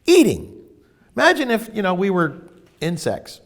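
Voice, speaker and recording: A man teaching in a casual spiritual talk, emphatic and animated as he tells stories. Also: high voice, normal speed.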